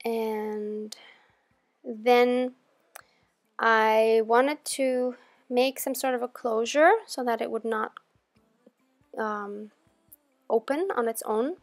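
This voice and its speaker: A woman hosting a crafting channel, talking viewers through her project in a chatty, relaxed voice-over. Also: a little high, very slow, long pauses, no echo, faint music behind. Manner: chatty and relaxed, with gentle laughs. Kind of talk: casual tutorial voice-over.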